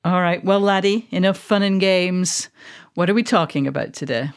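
A woman's voice: fairly low pitch, moderate pace. A middle-aged woman from Manchester with a mid-Atlantic accent, co-hosting a podcast in casual, reflective chat. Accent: mid-Atlantic English. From England, Manchester. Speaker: podcast co-host.

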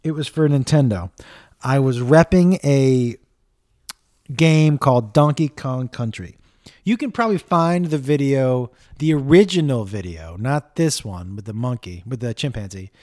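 A middle-aged man hosting a casual comedy podcast, telling stories in an animated way, acting out the people he quotes, swearing often. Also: mid-range voice, a little slow. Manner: animated storytelling, acts out quotes, swears, talks to his dog.

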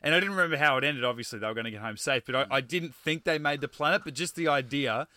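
A man co-hosting a casual chat, animated and laughing often. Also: medium pitch, fast, no echo, studio quality. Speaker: podcast co-host.

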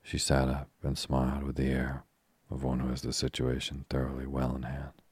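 A man narrates a classic novel as a sleep story in a slow, soothing, steady way. His voice is extremely deep and breathy-husky, with almost no melody. The recording is close and completely dry. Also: no room sound. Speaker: audiobook reader.

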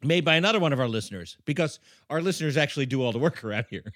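Bright-voiced male podcast co-host. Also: fairly high pitch, animated, very fast, no room sound, clean studio sound. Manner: playful, drawls catchphrases. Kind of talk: casual comedic chat.

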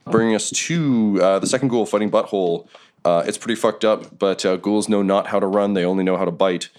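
A man narrating a tabletop game as dungeon master, laid-back and hesitant with many pauses. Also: on the low side, a little mellow.

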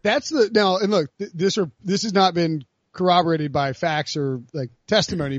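A man co-hosting a sports podcast in casual chat, rambling and animated with many restarts. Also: fairly high pitch, no echo, dull audio. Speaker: podcast co-host.

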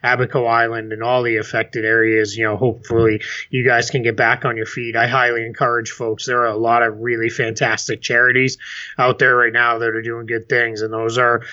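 A man's voice: mid-range voice, little pitch movement, brisk, pushed and bright. A male podcast co-host in casual chat who walks listeners through contract details step by step. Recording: dull lo-fi sound.

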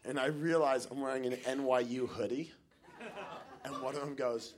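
A man telling a comic story on stage, animated and acting out the people he meets. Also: mid-range voice, normal speed. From United States. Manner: animated, acts out the people in his story with big voices. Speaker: stand-up comedian.

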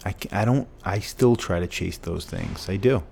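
A man's voice: deep voice, moderate pace, vocal fry, darkish tone, a little hiss or hum. A man, a former pro football player, telling an interview story in an earnest, emotional way with lots of repetition.

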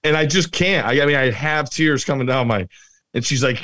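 A man's voice: medium pitch, normal speed, fairly bright tone. A middle-aged man co-hosting a podcast, telling stories animatedly and often breaking into laughter. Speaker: podcast co-host. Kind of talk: casual chat.

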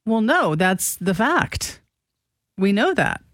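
A woman's voice: medium pitch, sing-song, slow, fairly bright tone, no echo, studio quality. A woman co-hosting a talk radio show, agreeable and chiming in alongside the host. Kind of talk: casual talk radio banter.

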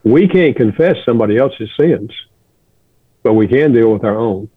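An older man, a guest counselor, telling a personal story in an earnest, gentle way. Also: medium pitch, animated, moderate pace, slightly rough, no room sound. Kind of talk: reflective storytelling. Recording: dry, phone-like line.

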